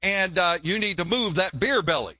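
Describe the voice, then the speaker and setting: A man's voice: high voice, lively intonation, normal speed, bright, forceful tone, no echo, full character voice. A man doing a blunt, sassy woman passenger.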